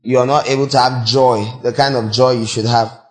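A male pastor preaching a sermon, urging and questioning his listeners directly, with a voice that cracks when he reaches high notes. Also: steady tone, a little fast. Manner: exhorting, breaks into high sung demonstrations.

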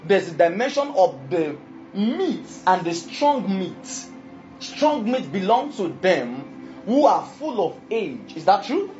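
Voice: medium pitch, sing-song, slow pace, darkish tone, faint music behind. A preacher giving an emphatic sermon and often asking the congregation if they follow. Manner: emphatic, keeps asking the audience questions. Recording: dull lo-fi recording.

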